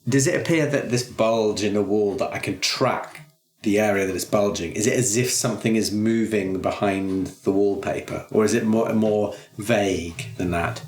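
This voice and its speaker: A man's voice: fairly low pitch, moderate pace, a little mellow. A man playing a tabletop horror game, with a dry, self-mocking humor. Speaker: player. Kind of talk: casual tabletop play.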